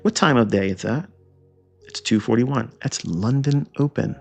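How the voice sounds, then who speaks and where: A man's voice: mid-range voice, lively intonation, normal speed, gravelly, a little mellow, breathy edge, faint music behind. A man teaching chart trading in a lecture, emphatic and repetitive, firing rhetorical questions and scolding asides. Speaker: trading educator.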